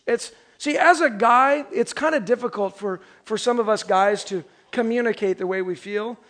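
A man in his thirties preaching a Christmas sermon, telling a joke story and then slowing down to stress key phrases. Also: sits high, fairly bright tone. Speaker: pastor.

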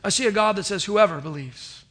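A male pastor delivers a sermon in a high, lifted voice with a bright, ringing edge. He swings from emphatic declarations to soft, close asides and calls on the congregation to answer him. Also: fairly quick.

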